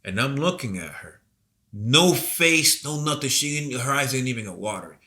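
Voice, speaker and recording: A man co-hosting a podcast, telling a long story in a rambling, profane, animated way while coming down with a cold. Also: mid-range voice, moderate pace. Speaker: podcast co-host. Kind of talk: casual storytelling chat.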